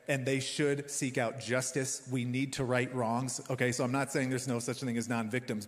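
A man in his thirties preaching a sermon, talking straight to the congregation in a lively, conversational way. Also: mid-range voice. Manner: animated, conversational, addresses the congregation directly. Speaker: pastor. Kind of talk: sermon with personal stories. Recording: reverberant church hall.

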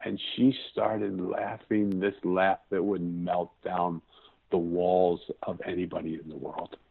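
Interview guest, male, 50s, low husky voice, earnest and searching, tinny phone-quality audio. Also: little pitch movement, a little slow. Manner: earnest, searching for words, restarts sentences. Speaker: podcast guest. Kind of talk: reflective personal storytelling.

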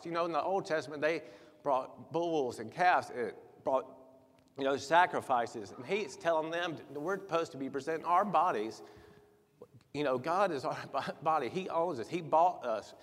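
A man preaching a sermon in a church, soft-spoken at first, then louder and livelier with chuckles. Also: on the high side. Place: church sanctuary. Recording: long hall reverb.

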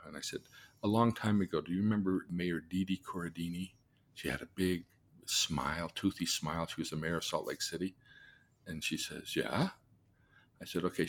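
A man with a somewhat low voice tells a case story as a therapist would. He acts out the people in it as he goes, dropping into soft, low asides and then rising into loud, excited bursts. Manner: vivid storyteller, acts out the people in his stories.

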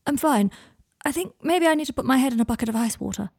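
A woman voicing an anxious, prim young wizard man who speaks in a fretful, formal way, a bit higher than her narration. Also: expressive, fast talker, creaky, darkish tone, breathy edge, no echo, studio quality, full character voice. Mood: earnest.

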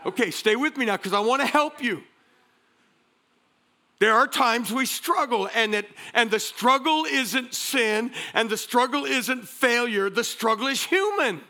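A man preaching a sermon as pastor, energetic, calling out to the congregation and joking between points. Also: very high-pitched, a little slow. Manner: energetic preaching with crowd call-and-response; joking asides, repeats words.

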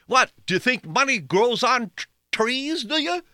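A man's voice: animated, measured pace, pushed and bright, no room sound, clean studio sound, exaggerated voice. A nagging, exasperated parent, as a man mimics it. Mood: scolding. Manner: shrill mocking imitation, voice pitched far up. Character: scolding middle-aged parent, nagging and exasperated.

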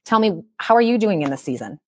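A woman's voice: medium pitch, sing-song, fast, a little mellow, no room sound, studio quality. A woman in her thirties co-hosting an education podcast, chatting in a reflective, upbeat way. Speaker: podcast co-host. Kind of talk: casual chat.

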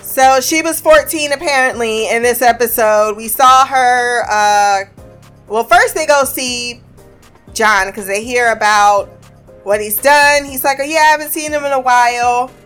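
A woman casually recapping a TV episode, animated and profane, acting out the characters' lines. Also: on the high side, unhurried, soft background music.

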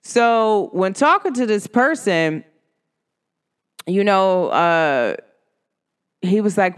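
A blunt, outspoken woman speaks casually to the camera. Her voice is smooth and resonant, and she talks with emphatic energy, putting on other people's voices when she quotes them. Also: mid-range voice, big pitch swings, slow, long pauses. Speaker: vlogger.

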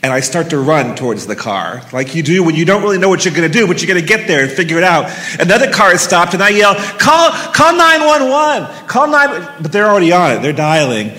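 A man's voice: fairly high pitch, expressive, fast, hardly any pauses, pushed and bright. A middle-aged man telling a personal story live on stage into a handheld mic, earnest and vivid, with casual swearing. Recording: long reverb of a hall.

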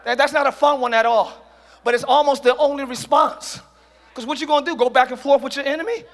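A man preaching a sermon as pastor to a congregation, using slang and acting out quick quoted voices. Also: very high voice, steady tone. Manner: preaching with call-and-response and shouted peaks. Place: church hall with congregation.

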